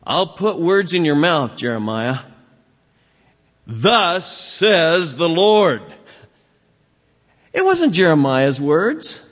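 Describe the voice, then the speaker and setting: A man preaching a sermon as pastor, with emphatic swings in pitch and volume. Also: sing-song, drawn-out words, long pauses, fairly bright tone. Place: church sanctuary. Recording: dull recording with long hall reverb.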